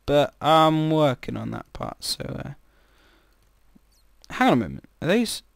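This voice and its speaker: A man's voice: fairly high pitch, very animated, measured pace, creaky, no echo, studio quality. Chatty man rambling over gameplay. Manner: chatty, rambling, jumpy exclamations. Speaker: gamer. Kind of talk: casual gameplay commentary.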